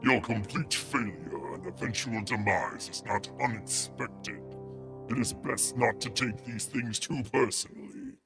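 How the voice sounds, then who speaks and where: A man voicing a grave, deep-voiced male narrator of doom, speaking in a solemn, measured way. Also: long reverb tail, over music, natural voice.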